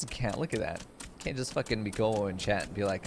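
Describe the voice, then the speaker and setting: A man's voice: fairly low pitch, animated, fast, creaky, a little hiss or hum. A man streaming a game, joking crudely and laughing often in casual commentary.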